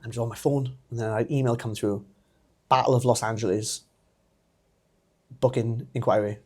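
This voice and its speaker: A man in his thirties with a Welsh accent, a wrestler telling his story as a podcast guest, animated and laughing often. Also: mid-range voice, moderate pace, breathy edge. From Wales. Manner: animated, laughs often, acts out quoted voices. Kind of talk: casual storytelling interview.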